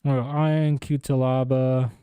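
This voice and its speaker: A man's voice: mid-range voice, flat delivery, slow, mellow, clean tone, no echo. A young man ranting casually about fight cards, exasperated and incredulous, dropping "bro" often. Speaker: MMA commentator. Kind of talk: casual opinion rant.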